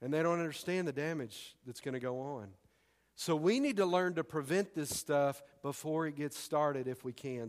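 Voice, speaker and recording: A man preaching a sermon as pastor in a church, conversational and punchy with emphatic repetition. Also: a little high. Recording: long hall reverb.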